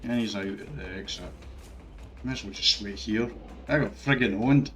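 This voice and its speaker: A man's voice: lowish voice, moderate pace, a bit bright, faint music behind. A man giving frustrated, ranting commentary over his own gameplay, swearing often. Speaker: gaming streamer.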